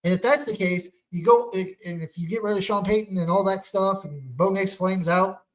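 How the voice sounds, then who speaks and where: Rambling, animated young football fan. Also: male voice, sits high, normal speed. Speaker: podcast host. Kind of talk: casual sports chat.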